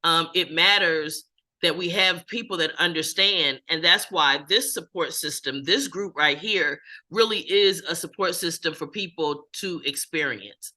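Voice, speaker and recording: A support group facilitator talks calmly and reflectively, affirming what others share. The voice is very bright and forceful, sitting in a middle range. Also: mid-range voice, a little slow.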